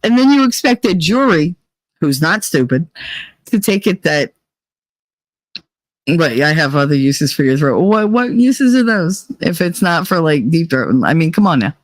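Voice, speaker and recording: A woman's voice: low-pitched, very animated, moderate pace, dry recording. A woman hosts a live show, talking to her listeners in a loose, confessional way. She swings into blunt, foul-mouthed sarcasm. Her voice is close and dry, with no room sound. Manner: profane, sarcastic ranting; candid and confessional. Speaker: podcast host. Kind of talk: casual chat to a live audience.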